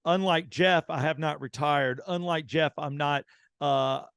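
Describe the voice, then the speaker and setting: A middle-aged man, hosting a radio show and telling an anecdote in a casual, animated way, acting out the dialogue. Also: fairly high pitch, unhurried, gravelly, clean tone, no echo, clean studio sound. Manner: animated anecdote teller, acts out quoted dialogue. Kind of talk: casual storytelling.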